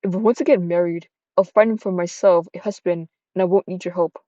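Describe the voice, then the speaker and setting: A proud young noblewoman with a sharp, sarcastic tongue, read aloud by a woman. Her voice sits low and mellow, and it is heard on a dull, dry lo-fi recording. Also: fairly even intonation, fairly quick, no room sound, lightly acted. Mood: cool defiant. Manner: cool, sarcastic, dismissive.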